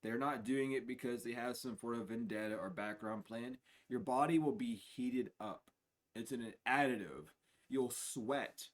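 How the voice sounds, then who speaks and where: Male streamer doing a spiritual reading at a middling pitch, casual and profane, low mutters with sudden loud laughing bursts. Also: measured pace. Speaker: spiritual reader.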